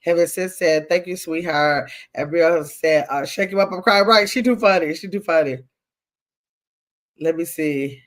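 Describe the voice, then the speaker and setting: Speaking at normal speed in a fairly low voice, a chatty older woman runs a casual livestream. She reads the live comments out loud in a playful way.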